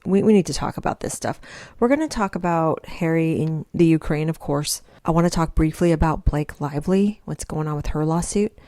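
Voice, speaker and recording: A low-voiced American woman talks casually to camera at home over her coffee. She is chatty and laughs easily, often stumbling and restarting her sentences as she goes. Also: warm tone. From United States. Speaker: vlogger.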